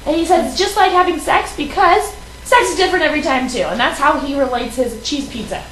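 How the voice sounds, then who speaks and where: A woman's voice: high voice, quick pace, a bit bright, roomy sound, slight background noise, rough recording. A woman hosting a live morning show, brash and teasing, acting tough. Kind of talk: casual live-show banter. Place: hotel studio.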